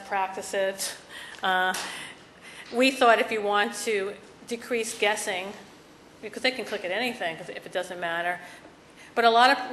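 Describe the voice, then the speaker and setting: A woman giving a conference presentation, talking haltingly with many restarts and fillers. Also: medium pitch, fairly bright tone, slight background noise. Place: conference session room. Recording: echoey conference room.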